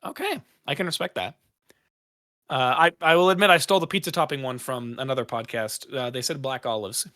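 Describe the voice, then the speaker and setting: A man's voice: mid-range voice, fairly quick, bright, forceful tone. Casual rambling man hosting a podcast. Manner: rambling, self-correcting questions with frequent fillers. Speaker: podcast host. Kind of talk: casual chat.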